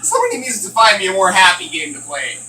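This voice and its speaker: A man's voice: sits high, huge pitch swings, fast, pushed and bright, recorded from a distance, soft background music. A man giving nervous, joking commentary while he plays a horror game. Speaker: gaming channel host. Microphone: distant from the mic. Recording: echoey room, voice off the mic.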